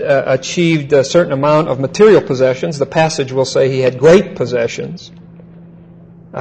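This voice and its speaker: Bible-teaching male pastor, slightly higher voice. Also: a little mellow, a little hiss or hum, low-quality recording. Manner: teacherly, repeats key phrases and checks in with "Okay?". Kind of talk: expository sermon.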